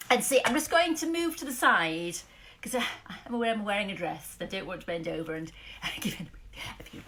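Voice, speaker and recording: A woman hosting a casual live sewing chat from her garden, chatty and upbeat, with sudden high exclamations. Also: fairly bright tone. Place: outdoors in a garden.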